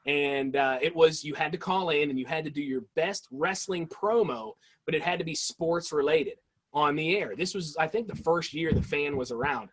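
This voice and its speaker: Enthusiastic man telling stories, higher voice. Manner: animated, enthusiastic storyteller. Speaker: guest, toy-hunting video creator. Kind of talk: casual interview storytelling.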